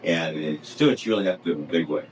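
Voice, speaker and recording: A man's voice: low voice, very fast, distant mic, slight background noise, low-quality recording. A man introducing himself at a seminar in an eager, rambling way. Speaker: seminar attendee. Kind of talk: self-introduction.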